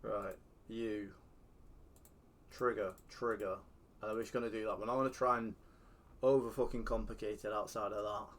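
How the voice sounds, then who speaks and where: Sweary excitable man streaming. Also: fairly low pitch, a little fast. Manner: sweary, excitable, shouts at the game. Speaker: streamer playing a football manager game. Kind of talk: casual gaming commentary.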